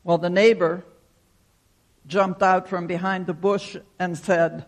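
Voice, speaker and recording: Slow, gravelly high-voiced preacher man. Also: level tone. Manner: folksy storytelling, acts out shouted quotes. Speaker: pastor. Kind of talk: sermon with a joke and prayer.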